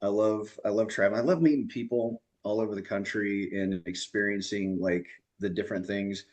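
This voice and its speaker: A man's voice: on the low side, a little mellow. A man doing stand-up comedy on a video call, telling chatty stories and laughing at his own punchlines.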